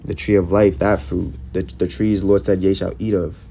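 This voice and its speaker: A man's voice: sits low, flat delivery, normal speed, creaky, dark tone, a little hiss or hum. A man preaching, reading scripture verses aloud and following each with short, emphatic comments.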